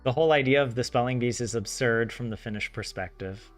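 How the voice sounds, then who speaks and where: On his language-study vlog, a man from the southern United States rambles casually with a Southern American accent, his voice medium-pitched and brisk. He leans heavily on "like," tosses in animated asides, and soft game music plays behind him.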